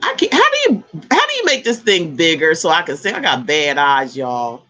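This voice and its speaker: A woman with a low-sitting voice speaks at a normal pace while hosting a casual tarot live stream. She chats with viewers, reads their comments aloud, laughs easily, and lets out animated exclamations.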